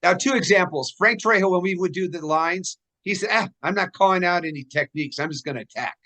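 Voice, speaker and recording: Host: man, higher-pitched, animated, laughs a lot while telling stories. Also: brisk. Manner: animated, laughs often, acts out dialogue. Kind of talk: casual storytelling interview.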